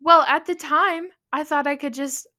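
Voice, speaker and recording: A young woman co-hosts a casual podcast and tells a story about her own mishap. Her voice is bright and clear. She acts out her panicked lines as she goes. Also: high-pitched, steady tone, normal speed. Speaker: podcast co-host.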